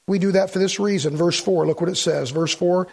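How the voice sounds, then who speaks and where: Husky, high-voiced man preaching emphatically. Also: steady tone, brisk, a little mellow. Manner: folksy, emphatic preaching with rhetorical questions. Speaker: pastor. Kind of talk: sermon.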